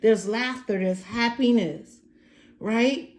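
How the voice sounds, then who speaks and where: Speaking slowly in a high-leaning, darkish voice, this tarot reader addresses the camera directly from a room in her home. She's emphatic and says things more than once, and the sound is roomy.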